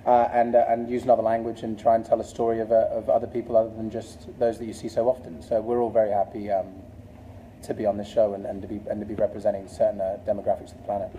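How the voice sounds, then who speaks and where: A young English man reading out fan comments in a casual live-stream chat, quick and chatty with asides. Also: on the low side, flat delivery, warm tone, slight background noise, poor audio. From England. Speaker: actor reading fan questions.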